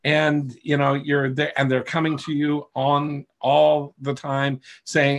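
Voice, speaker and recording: Fairly high-voiced man teaching a webinar. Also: little pitch movement, slow pace, hardly any pauses. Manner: explains patiently, checks in with listeners, many restarts. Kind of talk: live online teaching session. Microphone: video call microphone.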